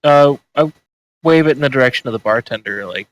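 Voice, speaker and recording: A man at a tabletop game tosses in wry, quick asides. His voice sits mid-range, and he sounds relaxed and conversational. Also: mid-range voice, rough recording. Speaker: player. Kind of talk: casual chat.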